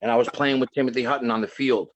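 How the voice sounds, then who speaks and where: Brief: average-pitched man, dry close sound, rambling storyteller. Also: fairly even intonation, racing, dry recording, highs cut off. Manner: rambling anecdote with repeated restarts. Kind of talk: casual storytelling.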